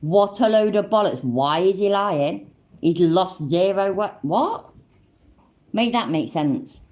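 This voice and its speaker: A woman's voice: on the low side, expressive, a little slow, darkish tone. A woman hosting a reaction commentary, blunt, sweary and mocking. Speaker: commentary channel host.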